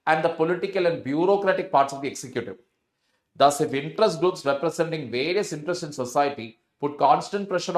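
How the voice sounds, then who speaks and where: A man's voice: on the high side, reverberant. A male teacher with an Indian English accent lecturing, switching between Hindi and English and putting rhetorical questions to the class. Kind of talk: recorded lecture.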